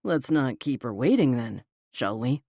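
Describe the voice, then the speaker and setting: A woman doing a deep-voiced amused billionaire boss. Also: sing-song, unhurried, dark tone, no echo, clean studio sound, exaggerated voice. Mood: amused, teasing. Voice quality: deep, low-pitched. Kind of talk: audiobook character voice.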